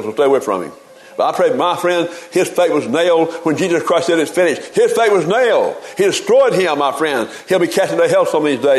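A man's voice: a little high, rough recording. A man preaching a sermon in a folksy, emphatic way, often repeating words as he gets going.

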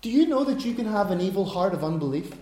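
A man preaching a sermon in a conversational way, swinging between quiet asides and loud, emphatic stresses. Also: high-pitched, big pitch swings, quick pace. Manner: conversational, tells personal anecdotes. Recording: roomy echo.

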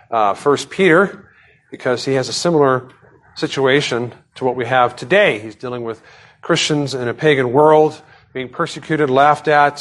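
A man as pastor, preaching a sermon with prayers and a scripture reading in a measured way. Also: medium pitch, fairly bright tone.

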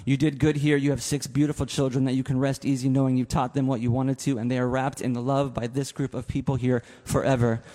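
A man's voice: mid-range voice, level tone, fast, few pauses. A man in his forties giving a funeral eulogy, telling stories with laughs and asides. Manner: warm storytelling with laughs and asides. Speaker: eulogy speaker. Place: chapel. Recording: long hall reverb in a chapel.

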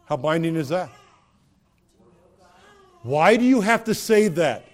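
A man's voice: a little high, lively intonation, takes it slowly. A man preaching a sermon in a conversational way, asking rhetorical questions and rising to emphatic peaks. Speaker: pastor.

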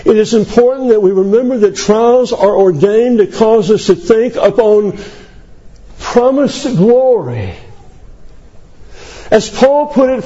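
A man preaching a sermon, emphatic and building to high declamation as he quotes scripture. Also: lively intonation, takes it slowly, long pauses, warm tone, muffled recording.

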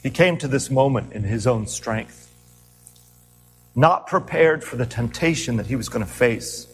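A man preaching a sermon as a pastor, earnest and animated, asking his listeners rhetorical questions as he retells the story. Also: medium pitch, a little slow, long reverb tail, a little hiss or hum, poor audio.

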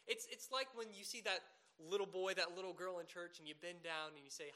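A man preaching a sermon, earnest and emphatic, building to loud peaks and asking rhetorical questions. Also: high voice, expressive, normal speed.

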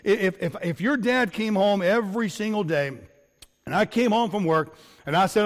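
High-voiced pastor preaching in a reverberant church. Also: male voice, a little fast. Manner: earnest preaching with repetitions and fillers. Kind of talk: sermon. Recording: long hall reverb.

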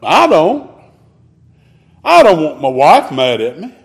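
A man preaching a sermon in an emphatic, drawn-out manner. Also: huge pitch swings, gravelly, slightly rough. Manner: emphatic, drawn-out preaching with sudden rises in pitch.

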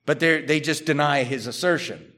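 A man preaching a sermon, reading scripture aloud and then explaining it in a conversational way, moving between loud emphatic lines and quiet asides. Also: a little high, moderate pace. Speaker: pastor.

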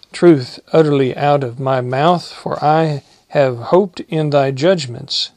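A man preaching, reading psalms aloud in a slow, measured way and adding short comments. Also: a little high, darkish tone, no room sound. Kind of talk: Bible reading and sermon.

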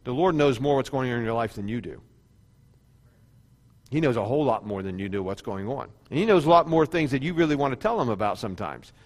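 A man's voice: medium pitch, lively intonation, quick pace, in a large hall. A male pastor giving a sermon in a conversational preaching style, now and then acting out quoted prayers. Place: church sanctuary.

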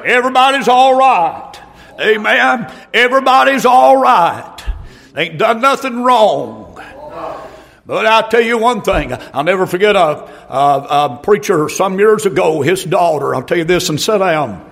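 A middle-aged man preaching a fiery revival sermon, breaking into shouted outbursts between folksy stories. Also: high-pitched, lively intonation, a little slow, vocal fry.

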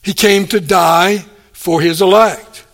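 A man preaching a sermon, animated, acting out the people he quotes and chuckling between points. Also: sits high, slow pace, gravelly. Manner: animated, acts out quoted speakers.

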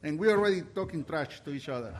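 A man preaching a sermon, impassioned and halting, with restarts, swinging between loud and soft. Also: fairly high pitch, lively intonation. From Mexico.

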